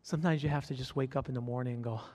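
A man's voice: medium pitch, fairly even intonation, rapid-fire, darkish tone, big-room sound. A man preaching a sermon as pastor, fervent, repeating his phrases and calling out to the congregation.

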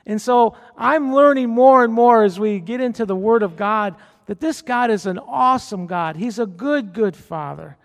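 A man's voice: sits high, normal speed, few pauses. A man preaching a sermon in a church, emphatic and repeating his key phrases. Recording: long hall reverb.

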